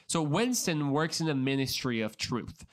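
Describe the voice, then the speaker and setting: A man's voice: on the high side, sing-song, moderate pace. A man hosting a solo podcast, talking straight to the listener in an earnest, conversational way with many restarts and repeated words. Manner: addresses the listener directly. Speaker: podcast host.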